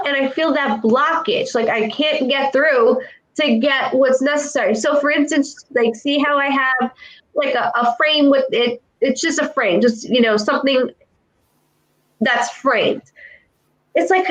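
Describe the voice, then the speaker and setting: Heard through poor audio, a woman with a high voice does a psychic reading, talking earnestly and repeating herself while passing on messages quoted from the dead.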